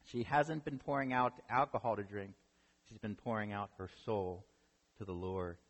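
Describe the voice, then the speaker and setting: A man's voice: fairly low pitch, moderate pace, fairly bright tone. A man preaching a sermon as a pastor, retelling a story conversationally and often checking in with the listeners. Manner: conversational storytelling, often asks "right?" to the audience. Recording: long reverb of a hall.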